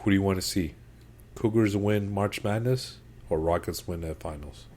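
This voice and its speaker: A man co-hosting a sports podcast, chatty and excitable, calling his co-host "bro" and "dude.". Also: sits low, moderate pace. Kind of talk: casual sports chat.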